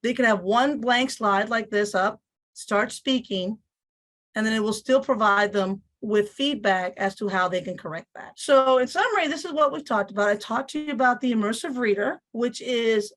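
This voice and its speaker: A woman teacher with a Spanish accent and a slight lisp, explaining a software tool step by step. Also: fairly high pitch, normal speed. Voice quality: slight lisp on some words. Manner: explanatory, repeats phrases, voices on-screen prompts. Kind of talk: instructional screen-share walkthrough.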